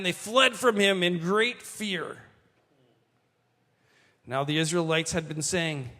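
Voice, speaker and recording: A man preaching a sermon, reading scripture and adding animated asides to the congregation. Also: high-pitched, big-room sound. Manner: animated, slows for quoted lines, asides to the congregation. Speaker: pastor.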